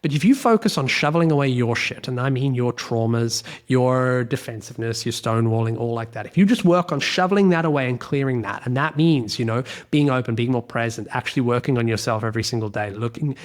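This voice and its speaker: A man's voice: medium pitch, a little fast. An Australian man hosting a solo podcast, talking bluntly and emphatically, swearing freely and repeating his key points. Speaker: podcast host, relationship coach.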